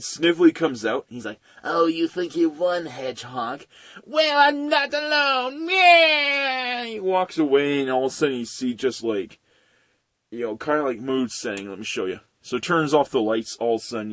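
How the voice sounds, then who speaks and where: A young video reviewer rants about animated films, cursing constantly and unloading his frustration on the studios. His voice sits in the middle range, and the recording has no room sound.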